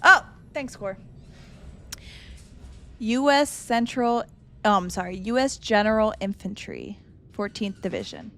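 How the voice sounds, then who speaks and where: A woman streaming a game live and chatting casually with her viewers, emotional and quick to laugh. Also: medium pitch, big pitch swings, pushed and bright.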